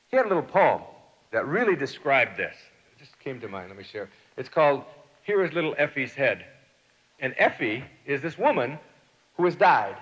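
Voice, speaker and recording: A man gives a motivational talk, telling anecdotes and acting out each person in them. His voice is bright and swings widely in pitch. The recording is dull and lo-fi, with a long echo from a large hall. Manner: storytelling, acts out quotes and reads poetry aloud. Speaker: motivational speaker and author. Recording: echoey hall, dull lo-fi sound.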